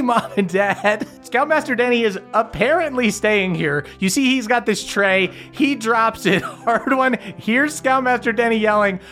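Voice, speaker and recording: A game master narrating a tabletop game, animated and quick to laugh. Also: medium pitch.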